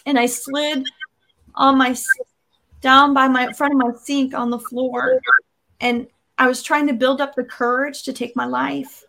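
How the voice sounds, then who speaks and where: A woman's voice: high-pitched, level tone, unhurried, vocal fry, fairly bright tone. An adult woman sharing a personal faith testimony in an interview, earnest and vivid, acting out her own past words as she goes. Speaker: interview guest.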